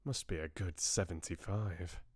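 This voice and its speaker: A man's voice: low voice, a little slow, darkish tone, breathy edge, no room sound, studio quality. A man voicing Bella, a young woman, in a light, wry tone while reading a novel aloud.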